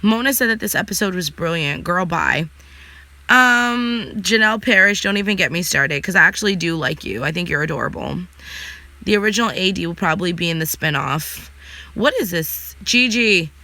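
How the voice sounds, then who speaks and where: A woman's voice: lowish voice, expressive, moderate pace, bright, forceful tone, no echo. Sassy woman in blunt casual chat. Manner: blunt, sassy, swears freely. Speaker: vlogger answering live chat.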